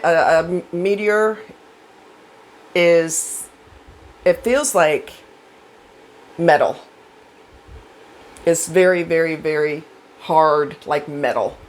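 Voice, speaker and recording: A woman's voice: fairly low pitch, poor audio. A woman vlogger telling personal stories in a chatty, rambling way, acting out voices from her stories. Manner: chatty, rambling, with fillers and animated quoted voices. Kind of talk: casual storytelling.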